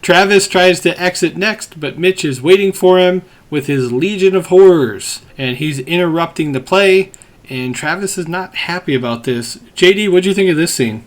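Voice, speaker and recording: A man with a slightly higher voice recaps a movie for his podcast. He tells it scene by scene and jumps into animated voices for the quotes. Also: moderate pace. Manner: narrates scenes, acting out quotes in lively voices. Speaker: podcast host.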